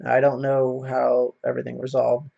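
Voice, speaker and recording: A man's voice: medium pitch, completely flat delivery, normal speed, creaky, warm tone, highs cut off. A man ranting in a casual monologue, swearing often and rambling with many fillers. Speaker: video commentator.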